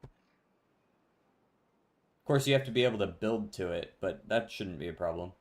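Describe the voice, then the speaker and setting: A man with a fairly low voice talks his way through a building game on stream. His delivery is loose and conversational, answering chat as he plays. He laughs easily and keeps a relaxed tone. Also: normal speed. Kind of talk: casual gameplay commentary.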